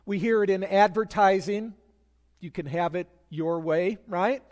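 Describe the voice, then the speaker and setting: A male pastor preaching with measured, emphatic delivery and a high voice. His words trail off into the long reverb of a big hall, like a sanctuary. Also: darkish tone. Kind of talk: sermon.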